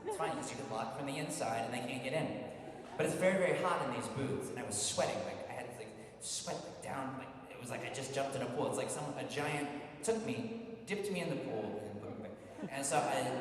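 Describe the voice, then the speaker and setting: Guy telling funny stories at a con panel, bouncy pitch, super echoey hall, noisy. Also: far from the mic. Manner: animated, jokey storytelling. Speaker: voice actor guest. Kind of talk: convention Q&A panel. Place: large convention hall.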